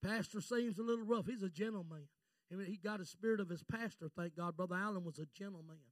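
A middle-aged man preaching a fervent Pentecostal sermon, swinging from shouts to hushed storytelling. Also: high-pitched, quick pace, dry recording. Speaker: visiting preacher.

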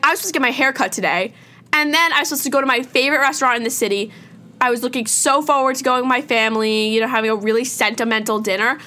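High, bright exasperated teen girl. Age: teens. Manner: dramatic, exasperated, filler-heavy valley-girl talk. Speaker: vlogger. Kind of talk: casual rant to camera. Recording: crackly noise.

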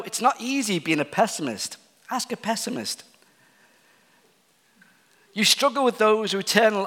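A male preacher delivers an earnest sermon, pressing some points hard and dropping to a hush for others. His voice sits fairly high for a man. Long reverb from the large hall trails each phrase. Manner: earnest, swinging from emphatic to hushed.

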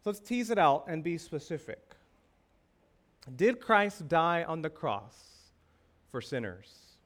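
A man's voice: fairly high pitch, very animated, slow pace, fairly bright tone. A male pastor preaching a sermon, asking the congregation rhetorical questions with emphasis.

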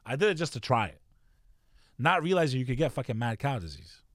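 A man telling stories in casual chat, swearing constantly and talking in a loose, animated way. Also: medium pitch, fairly quick, no echo, studio quality. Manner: profane, storytelling, animated.

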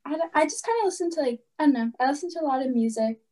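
A woman's voice: sits high, very fast, mellow. A teenage girl chatting casually on a student podcast, playful and giggly, with quirky remarks. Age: teens. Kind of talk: casual chat.

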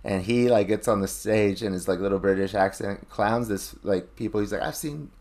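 Brief: man, low-pitched voice, loose rambling talker who swears a lot, casual podcast chat. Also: fairly even intonation, normal speed, darkish tone. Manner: rambling, lots of filler "like", profane.

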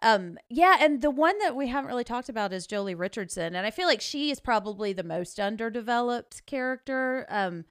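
A woman's voice: fairly high pitch, expressive, a bit bright, smooth, no room sound, studio quality. A woman co-hosting a casual film podcast, talking enthusiastically with lots of "like" fillers. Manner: enthusiastic, fast-flowing, heavy use of "like". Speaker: podcast co-host.

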